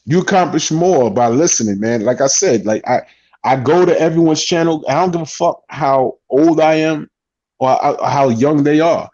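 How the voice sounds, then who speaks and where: A man's voice: on the high side, moderate pace, darkish tone. A man talking casually on a boxing panel, loose and profane, rambling through restarts. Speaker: boxing talk show panelist. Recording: dull lo-fi stream audio.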